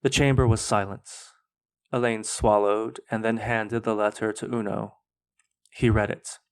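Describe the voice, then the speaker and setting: A man reads his own fantasy story aloud with measured, dramatic narration. His voice sits on the low side. He is the host of a podcast. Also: little pitch movement, clear, resonant tone. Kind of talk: reading fan fiction aloud.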